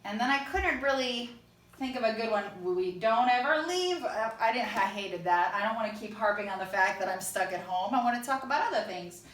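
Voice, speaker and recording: A woman's voice: medium pitch, a little fast, fairly bright tone. A woman music teacher giving an online songwriting lesson, explaining step by step and singing short lines to check them. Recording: echoey room, a bit far from mic.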